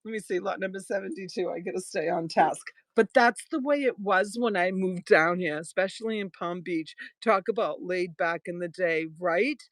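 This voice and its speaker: With a fairly low pitch and no echo, this middle-aged Boston woman hosts a live-stream sale in a casual, chatty way. She rambles through anecdotes, laughs frequently, and slips in fast asides.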